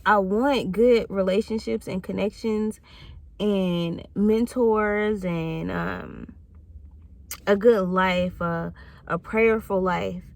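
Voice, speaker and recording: A woman's voice: medium pitch, steady tone, slow pace, vocal fry. A woman in her thirties talking bluntly and reflectively in a candid vlog monologue, swearing freely. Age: 30s. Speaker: channel host.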